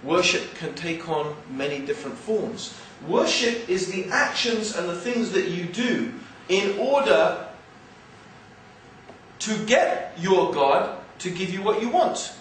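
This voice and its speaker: An English man with a mix of upper-class and East London accents gives an animated, joking religious lecture to an audience. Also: high voice, takes it slowly, a little hiss or hum. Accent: English, mixed with East London. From England. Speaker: Islamic speaker. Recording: very echoey hall, mic far off.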